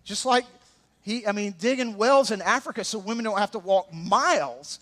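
A man with an Alabama Southern accent preaching a sermon as pastor, animated and throwing joking asides to the congregation. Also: high-pitched, moderate pace.

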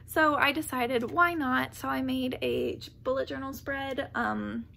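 A woman's voice: sits high, animated, a little slow, creaky, pushed and bright, a little hiss or hum. A woman chatting casually on her book vlog, rambling and gushing, laughing often and packing her talk with "like.". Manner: rambling and gushing, heavy with "like" fillers; laughs often mid-sentence. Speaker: book vlogger.

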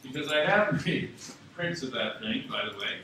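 A man from Scotland tells stories at a memorial with a storyteller's ease, chuckling often. His mid-pitched voice booms around a large, very echoey theatre. The mic is far away and audience noise hangs behind him. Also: expressive, moderate pace, sharp tone. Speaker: speaker at a memorial. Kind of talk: anecdotal memorial speech. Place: university theatre. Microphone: distant mic.

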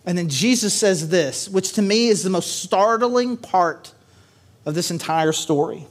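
High-voiced man preaching casually. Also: moderate pace. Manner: animated, casual, many fillers and "right?" tags. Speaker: pastor. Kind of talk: conversational sermon with storytelling. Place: church service.

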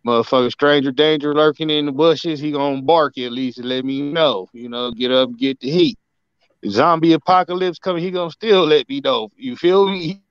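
A man's voice: fairly high pitch, clean tone, no echo, highs cut off. A man talking in a profane, boastful, slangy way as a guest on a casual talk show. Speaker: podcast guest. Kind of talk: casual chat.

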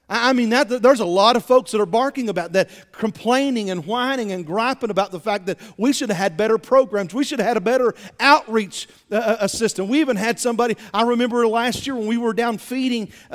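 A man preaches from the pulpit in a high-pitched voice. He stumbles and repeats himself as he builds momentum toward each point. The sound rings out with the long reverb of a church sanctuary. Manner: animated, repeats words while building to points, rising loud emphasis. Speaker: pastor. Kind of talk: sermon.

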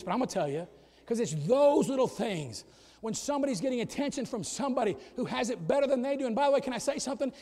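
A middle-aged man preaches from the pulpit in a high, ringing voice. His sermon swings from soft, chatty asides to loud, shouted climaxes. The sound carries a long reverb from a large church hall. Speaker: pastor. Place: church sanctuary.

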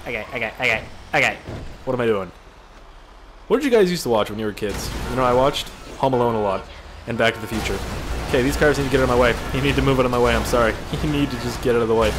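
A man with a mid-range voice gives casual gameplay commentary as a video creator, rambling through jokey stories with lots of swearing. The recording quality is low.

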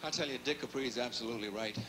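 A man's voice: mid-range voice, rapid-fire. A male singer joking with his audience between songs, cheeky and self-mocking, a bit tired and catching his breath, in a large showroom. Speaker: singer doing stage banter. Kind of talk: live stage patter with jokes. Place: large casino showroom stage. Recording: noisy live concert recording.

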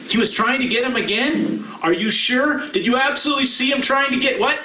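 A pastor giving a children's message, talking with playful, animated banter to a silent puppet. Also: male voice, very high-pitched, brisk, a little hiss or hum. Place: church sanctuary. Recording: roomy hall from a distance.

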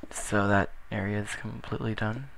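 A man's voice: fairly low pitch, steady tone, moderate pace, vocal fry, a bit bright. A young man casually commentating his gameplay, rambling with self-deprecating jokes. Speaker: gaming channel host. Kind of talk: casual Let's Play commentary.

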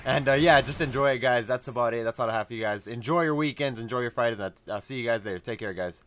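A man's voice: medium pitch, fast talker, a bit bright. Rambling young guy gaming host. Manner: rambling, many fillers and restarts. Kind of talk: casual chat. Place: indoors at his laptop.

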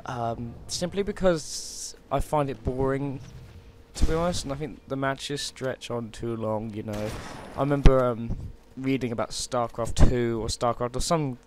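Casual British male gaming commentator, mid-pitched, joking and hesitant, game gunfire loud behind. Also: fairly even intonation, measured pace, a little hiss or hum. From Britain. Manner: chatty, joking, many hesitations. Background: game gunfire and explosions.

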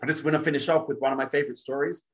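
A man's voice: a little high, steady tone, very fast, fairly bright tone, rough recording. A middle-aged man, a rabbi, telling a story in a talk with dramatic shifts of voice.

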